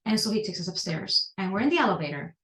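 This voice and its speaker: A woman in her thirties telling personal stories as a podcast guest, animated and jumping up in pitch when she stresses a point. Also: fast talker. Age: 30s. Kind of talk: personal storytelling in conversation. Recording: echoey room.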